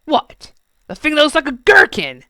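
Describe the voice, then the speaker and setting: A woman's voice: medium pitch, lively intonation, measured pace, gravelly, dry recording, studio quality, heavily acted. A woman reading a storybook and voicing a bossy, brutish male goblin king who bellows and bullies. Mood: scornful. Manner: loud, bellowing, coarse and bullying.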